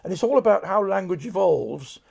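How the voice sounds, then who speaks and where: A man's voice: high-pitched, lively intonation, brisk, gravelly, a little mellow, husky. An older man from England, a guest narrator chatting in a studio interview with dry wordplay. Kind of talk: casual interview chat. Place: recording studio.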